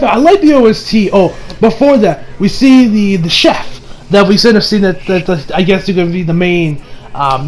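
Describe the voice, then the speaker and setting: A man's voice: sits high, rough recording. A man giving a casual episode review, rambling with frequent laughs and restarts. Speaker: anime reviewer.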